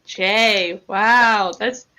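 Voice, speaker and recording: A woman's voice: mid-range voice, extremely slow, low-quality recording. A young woman co-hosting a podcast, gossiping in casual chat with frequent giggles. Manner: gossipy, giggly, animated reactions. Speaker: podcast co-host.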